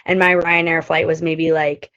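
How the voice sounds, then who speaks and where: A woman's voice: deep voice, little pitch movement, moderate pace, a bit bright, muffled recording. A young woman and study abroad alumna, chatting casually over a video call with lots of fillers. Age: young adult. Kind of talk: casual chat.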